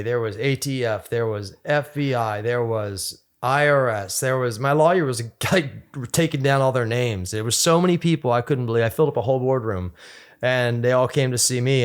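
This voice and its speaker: A man, a podcast guest, telling a long story in a rambling, animated way, full of restarts and fillers. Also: medium pitch. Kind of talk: casual storytelling interview.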